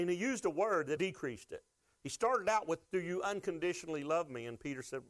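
A man's voice: a little high, brisk. A man pastor preaching a sermon, telling stories with animation and speaking directly to his congregation.

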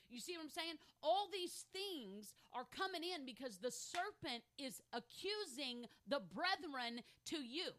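Bright-voiced fervent woman preacher. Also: high voice, sing-song, normal speed. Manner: fervent, checks in with "okay?" and "amen?"; builds from reflective to loud emphatic declarations. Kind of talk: sermon.

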